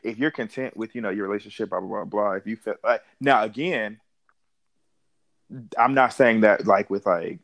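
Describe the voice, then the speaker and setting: Tipsy man in his thirties, gravelly. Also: fairly low pitch, moderate pace, fairly bright tone, no room sound, dull audio. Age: 30s. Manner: rambling, many restarts, laughs often. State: a little drunk. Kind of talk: casual chat.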